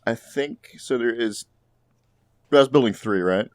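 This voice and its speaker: A man's voice: medium pitch, slow, a little mellow, dry recording, studio quality. A man playing a tabletop game, chatting casually in a laid-back way. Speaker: player.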